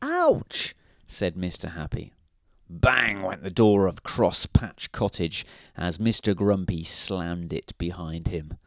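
A man's voice: sits low, slow, no room sound, studio quality. A man reading a children's story aloud in a playful way, now and then asking the listener questions.

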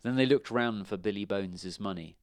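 A man reading a children's storybook aloud in a measured, expressive way. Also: on the low side, no echo.

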